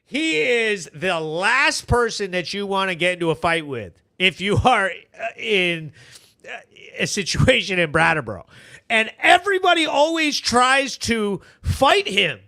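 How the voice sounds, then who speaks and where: A man hosts a live stream in a high, bright voice, talking fast and animatedly and laughing between remarks. The sound is close and dry, with no room behind it. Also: vocal fry, no room sound. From Vermont, US. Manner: animated, laughing, reads out chat comments. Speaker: host of a local news recap live show. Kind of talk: casual live-stream commentary.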